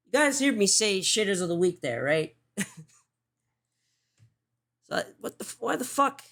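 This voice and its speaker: Woman streamer, casual commentary, heavy swearing, mid pitch. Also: big pitch swings, gravelly, a bit bright. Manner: swears often, talks in quick restarts. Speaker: streamer hosting a show.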